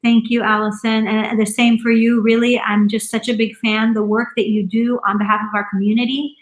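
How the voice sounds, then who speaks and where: A woman's voice: on the high side, level tone, a little fast, echoey room. A middle-aged woman talking earnestly in an interview, rambling with many fillers from her home. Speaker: interview guest. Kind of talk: casual conversational interview. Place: room at home.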